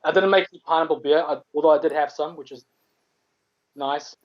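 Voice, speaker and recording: A man with a South African accent talks in a loose, rambling way, circling back and restarting his sentences and swearing now and then. His voice sits a little high for a man. The audio is dull and lo-fi. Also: steady tone, brisk. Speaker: comedian guest. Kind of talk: casual chat.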